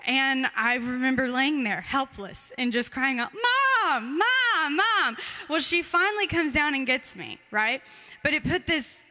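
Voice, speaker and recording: Young woman chatting to her church, kinda high and really bright, giggly with lots of ums. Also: normal speed. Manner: chatty, giggly, loose with fillers. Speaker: church member giving a Father's Day talk. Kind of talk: informal speech to a congregation.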